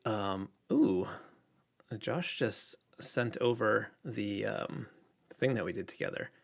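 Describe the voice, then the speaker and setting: A man chatting casually on a livestream, reading out viewer questions and answering in a relaxed, rambling way with lots of fillers. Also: fairly low pitch, takes it slowly, vocal fry. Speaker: illustrator livestreaming.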